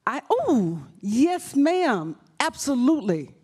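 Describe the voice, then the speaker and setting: A woman's voice: sits high, sing-song, slow pace, a little mellow, husky. A woman leading a live writing workshop, talking emphatically and often repeating and restarting her phrases. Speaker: workshop leader. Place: event room.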